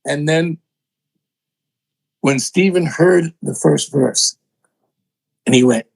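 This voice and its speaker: An older man, a songwriter and producer, telling animated stories in an interview, acting out other people's voices and poking fun at himself. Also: mid-range voice, slow pace, vocal fry, husky, low-quality recording. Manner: excitable, acts out voices in quotes, self-mocking.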